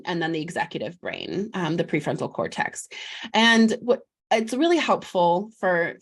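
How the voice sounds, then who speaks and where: A woman guest in a parenting interview, explaining child development in lively, talkative bursts, often slipping into a gentle voice to model what a parent says to a child. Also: medium pitch. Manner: animated, warm explaining, acts out soothing words to a child; frequent restarts and fillers, laughs lightly.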